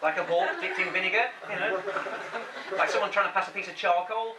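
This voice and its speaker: A man's voice: high voice, fairly even intonation, a little fast. Man, stand-up comedian, chatty with the crowd, mimics people in his story, echoey live club, distant mic, audience noise.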